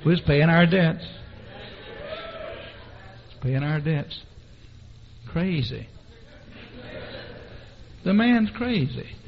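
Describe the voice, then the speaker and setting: A man's voice: on the high side, very slow, vocal fry, pauses often. A man preaching a sermon, telling stories with animation and calling on the congregation. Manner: animated storytelling, calls on the congregation. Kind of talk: sermon with anecdotes. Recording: dull lo-fi recording.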